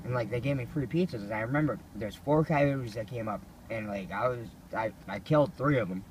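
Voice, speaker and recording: A man's voice: medium pitch, a little fast. A man in his ordinary middle register tells rambling, profane stories in a loose, offhand way. A faint hum of ambience sits behind him. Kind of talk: casual storytelling.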